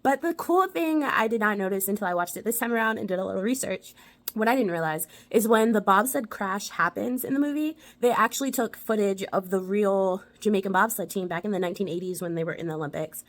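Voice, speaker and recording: A woman's voice: medium pitch, quick pace. A young woman hosting a casual movie review vlog, bubbly and enthusiastic, giggling as she talks.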